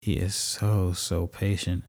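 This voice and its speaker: A man's voice: low-pitched, level tone, slow, gravelly, darkish tone. A married man with children who hosts a podcast, telling a personal faith story in a conversational, storytelling way with fillers and laughs. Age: adult, married with kids. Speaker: podcast host.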